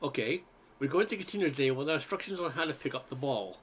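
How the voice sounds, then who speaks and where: A man's voice: on the high side, animated, fast, a little hiss or hum, natural voice. Man reading as a preachy grown son, storybook, impatient, instructional. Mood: lecturing. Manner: lecturing, impatient. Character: bossy grown son teaching tennis.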